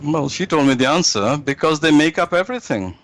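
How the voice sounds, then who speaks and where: A man's voice: on the high side, animated, brisk, a bit bright, a little hiss or hum, low-quality recording. A man guest in an interview, telling jokes in a rambling way with many restarts.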